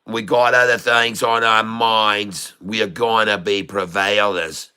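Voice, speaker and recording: Bright, crisp-voiced joking male streamer. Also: fairly low pitch, fairly even intonation, takes it slowly. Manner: folksy, joking, rambling. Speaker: day-trading livestream host. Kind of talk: casual livestream chat.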